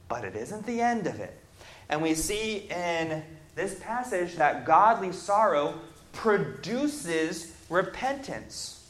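A man preaching a Bible lesson, reading scripture aloud and then explaining it, building emphatic lists and pausing on fillers as he thinks. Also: sits high, fairly bright tone. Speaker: preacher teaching on repentance. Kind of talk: Bible class sermon. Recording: echoey room.

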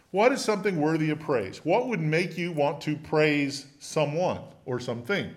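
A man's voice: fairly high pitch, sing-song, normal speed, few pauses. A man teaching a Bible study in a conversational way, often putting questions to his listeners. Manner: asks the group many questions.

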